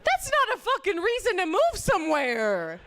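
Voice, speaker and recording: Brash and profane, a female comic works a club stage with a handheld mic, lowering her voice to impersonate other people. Her pitch swings hugely at a normal pace, her tone a bit bright, with some chatter in the background.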